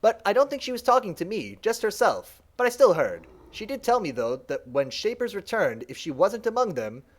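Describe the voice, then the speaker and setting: A man's voice: high voice, sing-song, moderate pace, few pauses, voice pushed up. Man doing a raised, eager voice for a lonely, fawning servant creature in a game read-aloud. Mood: confiding. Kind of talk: let's play dialogue read-aloud.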